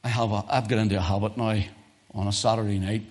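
A man preaching a sermon as pastor, emphatic, swinging from loud exhortation to near whispers. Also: fairly low pitch, steady tone, quick pace.

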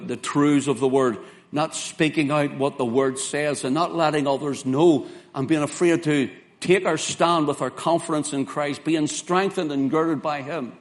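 A man preaching a sermon in an earnest, emphatic way, quoting scripture in King James phrasing. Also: medium pitch. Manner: earnest, emphatic preaching with slow spelled-out words and dramatic quoted lines.

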